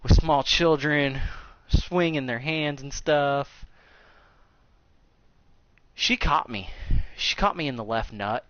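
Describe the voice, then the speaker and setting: A man in his thirties telling a crude, joking story in casual chat, animated and a bit coarse. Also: on the high side, takes it slowly, long pauses, no room sound. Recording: slightly dull recording.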